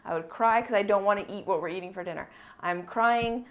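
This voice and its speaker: A woman vlogger telling a candid personal story in an earnest, reflective way, moving between brisk and slow deliberate phrasing. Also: mid-range voice, dull audio.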